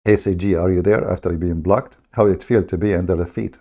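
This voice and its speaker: A man with a low, dark, gravelly voice hosts a livestream. He retells a story with a sarcastic, mocking edge in broken English. His speech is loose and conversational. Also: steady tone, fairly quick. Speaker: host of a livestream. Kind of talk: livestream commentary.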